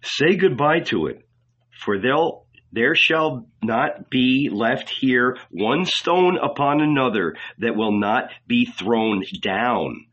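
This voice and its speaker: A man's voice: medium pitch, animated, takes it slowly, a bit bright, dull audio. Man voicing a defiant, fiery preacher. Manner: firm, weighty, at times sarcastic.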